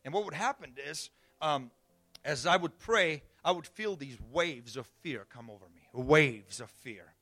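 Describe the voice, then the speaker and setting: Male pastor, high bright voice, storytelling sermon that dips to a hush and climbs to shouts. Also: animated, a little slow. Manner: storytelling, swings from hushed to shouting.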